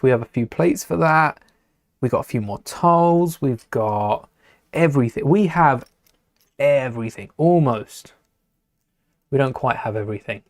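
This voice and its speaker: A man's voice: fairly high pitch, gravelly, a little mellow, no room sound, clean studio sound. A man talking casually to a live stream as he builds with LEGO, rambling, muttering to himself and greeting viewers in chat.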